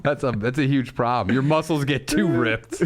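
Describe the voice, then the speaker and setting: A man's voice: medium pitch, normal speed, a little hiss or hum. A male comedian co-hosting a podcast, chatting casually, joking and swearing.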